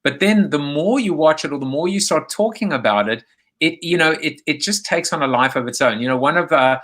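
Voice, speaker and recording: Male live-show host with a bright, forceful voice; loose and jokey, rambles while reading viewer comments on a video call. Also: on the high side, a little fast. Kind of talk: casual live video chat.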